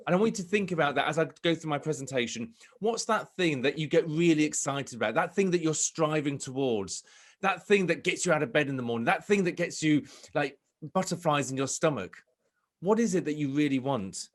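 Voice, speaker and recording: Animated British man telling his story. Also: on the high side, fairly quick. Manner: animated storytelling, acts out crowd shouts. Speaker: motivational speaker. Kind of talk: live online motivational talk. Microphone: video call.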